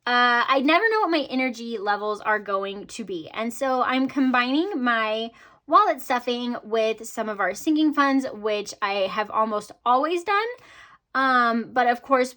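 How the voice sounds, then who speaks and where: A woman's voice: fairly high pitch, pushed and bright. A woman vlogger chatting casually to her viewers about her budget, upbeat, with frequent ums and laughs. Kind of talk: casual chat to camera.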